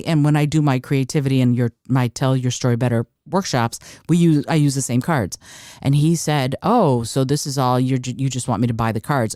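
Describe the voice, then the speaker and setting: A woman's voice: a bass voice, warm tone, no echo, clean studio sound. A woman hosting a solo podcast, talking emphatically and repeating phrases to drive her points home. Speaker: podcast host.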